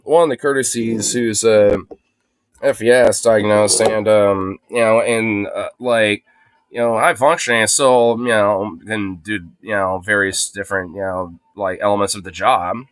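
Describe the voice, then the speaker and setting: A man's voice: lowish voice, clean tone, no echo. A man chatting casually on a phone livestream, rambling and swearing freely, with lots of fillers. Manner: rambling, profane, heavy use of fillers.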